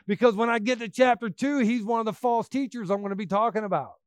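A man preaching a sermon, emphatic, swinging between loud bursts and quiet asides. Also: high voice, fast, clean tone, no room sound, studio quality.

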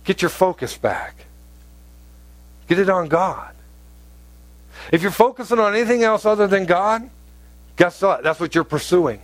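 Man preaching a sermon, higher voice. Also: expressive, unhurried, pauses often, dry recording. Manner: conversational preaching, rising to emphatic outbursts. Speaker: pastor.

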